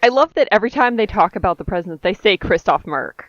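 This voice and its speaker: A woman's voice: medium pitch, expressive, no echo. A woman chats and muses with dry humor as a comedy podcast co-host. Her voice sits in the middle range. It comes through a muffled mic in a dead, dry room. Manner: chatty, quick musing, dry humor. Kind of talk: casual comedic chat.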